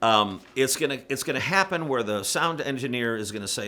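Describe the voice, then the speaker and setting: A man's voice: medium pitch, lively intonation, brisk, pushed and bright. A man giving frank, casual coaching to church singers, with plenty of fillers and little demonstrations. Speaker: worship music director. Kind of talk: instructional talk to church singers.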